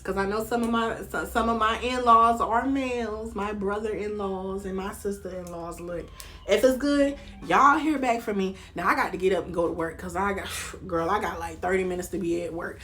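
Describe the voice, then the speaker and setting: Animated Southern American woman commentator. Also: mid-range voice, moderate pace, soft background music. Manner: animated, slangy, talks straight to the viewer. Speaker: reality TV commentator. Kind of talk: casual commentary vlog.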